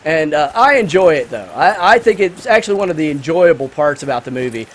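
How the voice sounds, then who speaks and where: A man's voice: a little high, lively intonation, fairly quick. A man hosting a gaming channel, giving rambling, enthusiastic let's-play commentary full of fillers while he reviews a film.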